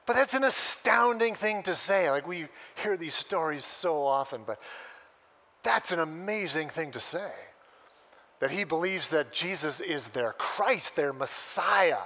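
A man preaching a sermon as a pastor, telling a story with lively energy and acting out the voices he quotes. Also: fairly high pitch, a little slow.

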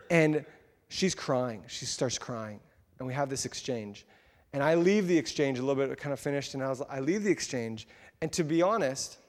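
In a church sanctuary that sounds like a large hall, a pastor with a mid-range voice tells a story to his church. His sermon is casual and chatty, full of fillers and laughs.

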